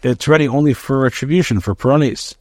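A man's voice: medium pitch, fast talker, a little mellow, dry recording, clean studio sound. A man teaching a daily Bible lesson, reading Hebrew verses with Ashkenazi pronunciation and translating each phrase in short bursts. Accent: Hebrew in traditional Ashkenazi pronunciation. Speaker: rabbi teaching Torah with commentary.

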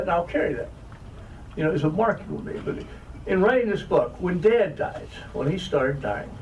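Here a slightly high, somewhat mellow male voice belongs to an older author from the American South, spinning funny, self-mocking tales for a crowd. Faint room noise comes through a distant microphone.

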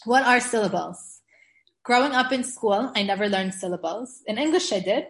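A woman gives a grammar class in a friendly, easygoing way, often laughing at herself as she explains. Her voice sits at an ordinary middle pitch for a woman. The room around her is echoey. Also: animated, moderate pace, fairly bright tone. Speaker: Hebrew grammar teacher. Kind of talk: class lecture.

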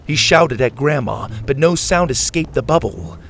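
Animated man reading a storybook, gravelly. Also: mid-range voice, moderate pace, slight background noise. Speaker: narrator. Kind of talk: children's storybook narration.

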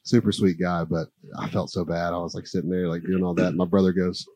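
A man's voice: low voice, flat delivery, brisk, dark tone, dry recording. A man with a stuffy nose, chatting casually as a podcast guest in a bar, rambling and laughing and slipping into impressions. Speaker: guest musician. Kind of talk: casual chat.

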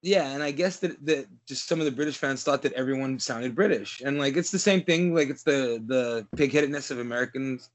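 A man co-hosting a podcast in casual chat, animated, swearing and filler-heavy. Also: mid-range voice, brisk, hardly any pauses. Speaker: podcast co-host.

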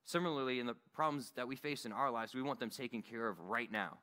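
Bright-voiced man preaching earnestly. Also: mid-range voice, quick pace, hardly any pauses. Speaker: Bible study teacher. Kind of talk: sermon. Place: church meeting room.

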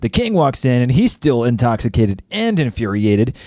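A man's voice: medium pitch, sing-song, moderate pace, a little mellow, no room sound, studio quality. A man co-hosting a Bible podcast, chiming in with upbeat comments and quips. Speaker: podcast co-host. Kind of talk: casual Bible study chat.

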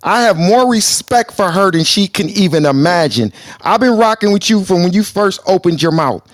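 A man co-hosting a live talk show, arguing loudly and combatively, then calming himself down on purpose. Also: high-pitched, moderate pace, no room sound, studio quality. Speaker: show co-host.

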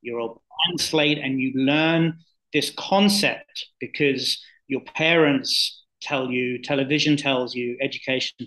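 A man's voice: mid-range voice, slow, pushed and bright, low-quality recording. A man co-hosting a podcast, thinking aloud and rephrasing his points as he goes. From New Jersey, USA. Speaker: co-host. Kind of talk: reflective podcast discussion.

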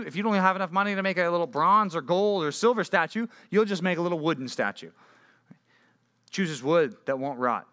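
Young male youth pastor, bright forceful tone, lively conversational sermon style. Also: fairly high pitch. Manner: animated, conversational preaching with rhetorical questions. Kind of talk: sermon to junior high students.

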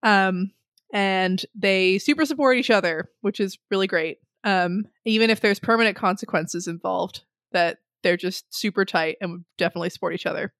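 A woman's voice: medium pitch, moderate pace, a bit bright, dry recording, studio quality. A young adult woman co-hosting a podcast, reading listener submissions in a chatty, giggly way with many ums. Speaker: podcast co-host.

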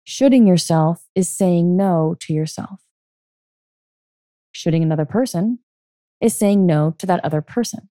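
A woman's voice: fairly low pitch, measured pace, long pauses, mellow, dry recording, studio quality. A middle-aged woman hosting a solo podcast as a life coach, talking earnestly and often checking in with "okay?".

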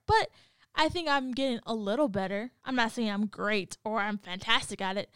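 A woman's voice: on the high side, a little fast, clear, resonant tone, no room sound, studio quality. A woman in casual chat, rambling and venting, with many fillers.

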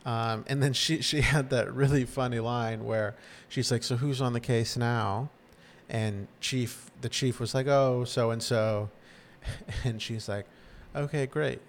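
A man in casual podcast chat, retelling scenes with lively energy and mimicking the characters as he goes. His voice sits at an ordinary middle pitch for a man. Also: takes it slowly, hardly any pauses, slight background noise. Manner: animated retelling, acting out lines. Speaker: podcast co-host recapping a show.

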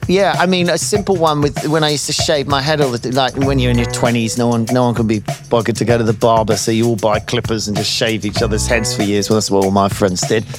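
A co-host of a casual podcast interview, jokey and sweary, telling animated stories. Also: mid-range voice, fast, few pauses, music in the background.

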